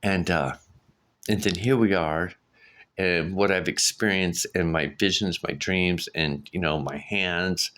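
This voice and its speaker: A man's voice: deep voice, a little slow, fairly bright tone. A middle-aged man vlogging casually, telling a story in a rambling way with many restarts and fillers. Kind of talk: casual vlog monologue.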